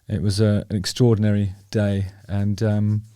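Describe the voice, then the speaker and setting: A man's voice: fairly low pitch, level tone, normal speed, warm tone, no echo. Chatty man, dry close mic. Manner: chatty, wry, self-deprecating, rambling with fillers. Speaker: host. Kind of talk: casual talking-head commentary.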